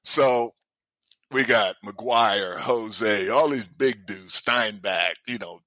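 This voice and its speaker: A man in his sixties, a former ballplayer, telling stories in a casual, animated way, laughing often and acting out the people in them. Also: on the low side, slow, no echo. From United States. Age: 60s. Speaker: guest, former baseball player. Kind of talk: casual storytelling.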